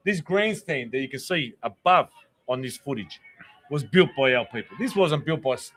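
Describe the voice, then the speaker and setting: A man's voice: medium pitch, lively intonation, normal speed, fairly bright tone, a little hiss or hum. A man hosting a casual chat on camera, blunt, swearing freely and getting worked up. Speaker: podcast host.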